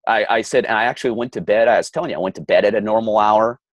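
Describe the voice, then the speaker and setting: A man's voice: on the low side, racing, dry recording, muffled recording. Middle-aged man, podcast co-host, heated rant, stammers and restarts, dry close sound. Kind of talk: casual ranting chat.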